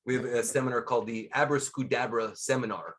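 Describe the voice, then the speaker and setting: Lively storytelling man, podcast guest. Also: mid-range voice, fast talker, crowd noise. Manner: lively storyteller, laughs often. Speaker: guest, scuba instructor and magician. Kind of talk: casual interview chat.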